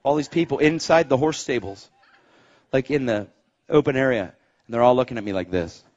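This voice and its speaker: A man preaching a testimony sermon, telling stories with loud exclaims and quiet asides. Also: a little fast. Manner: animated storytelling, swings between loud exclaims and low asides. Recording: dull lo-fi live recording.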